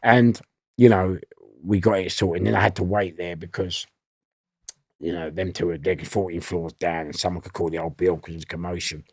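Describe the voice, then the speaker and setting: A man with a London accent and a low, gravelly voice tells stories as a podcast guest. He is animated and acts out the voices of the people in them. The sound is dry and close. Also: moderate pace, no room sound. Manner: animated storyteller who acts out voices and laughs often. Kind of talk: storytelling in a podcast interview.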